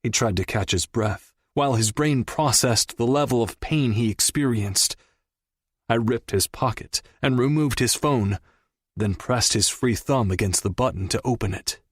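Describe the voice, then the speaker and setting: A man narrating a first-person crime story in a measured, dramatic storytelling manner. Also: medium pitch, husky, dry recording, studio quality. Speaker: audiobook narrator.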